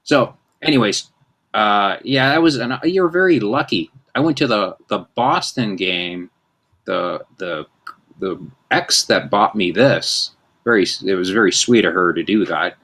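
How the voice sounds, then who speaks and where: A man's voice: on the low side, expressive, unhurried, fairly bright tone. A man in his fifties, hosting a casual chat and telling rambling, self-mocking stories. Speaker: host.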